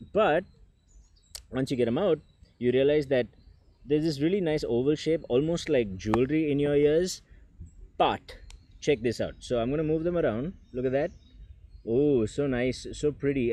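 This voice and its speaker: Chatty man with a mellow voice. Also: mid-range voice. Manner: chatty, self-deprecating, jokes aside. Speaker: tech reviewer. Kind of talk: casual unboxing vlog. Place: indoors with people nearby.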